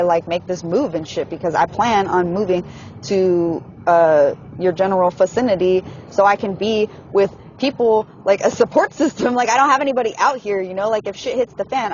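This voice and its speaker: A woman's voice: mid-range voice, a little mellow, dull audio, a little hiss or hum. Frustrated young woman venting, swearing a lot. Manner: frustrated, profane, heavy use of "like". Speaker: person venting in a voice message. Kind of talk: casual venting monologue.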